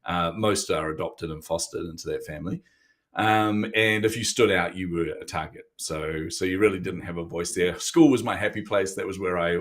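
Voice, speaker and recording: A fifty-something man from New to match. He tells his own story as a podcast guest, candid and self-deprecating, often laughing at himself. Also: low-pitched. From New Zealand. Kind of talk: interview storytelling.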